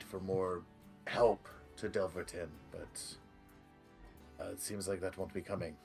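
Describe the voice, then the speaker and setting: A man voicing an excitable, grand-mannered male noble ally who talks formally and effusively. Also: low-pitched, breathy edge, full character voice.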